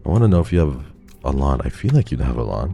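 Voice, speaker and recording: Deep deep voice guy streaming, grumbly and sweary, bouncy intonation, light noise behind. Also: sing-song, fast talker, vocal fry, dark tone. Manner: frustrated, swearing, talks to chat. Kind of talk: live game streaming commentary.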